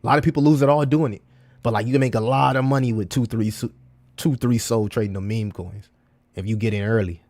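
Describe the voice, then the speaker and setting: A man's voice: medium pitch, steady tone, quick pace, darkish tone. A man talking casually to his livestream chat, full of slang, repeating himself and calling listeners bro. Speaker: crypto livestreamer.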